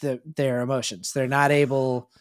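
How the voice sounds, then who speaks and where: Man, mid-pitched voice, podcast co-host, reflective, casual explainer, filler-heavy, swears casually. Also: little pitch movement, moderate pace, clear, resonant tone. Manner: reflective, explains ideas thoughtfully with frequent fillers. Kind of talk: casual chat.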